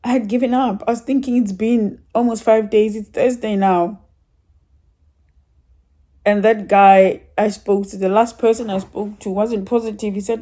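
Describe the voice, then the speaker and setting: A woman with a medium-pitched, warm voice speaks at a moderate pace with fairly even intonation. She shares a casual church testimony, rambling and chatty, laughing often and showing a bit of emotion.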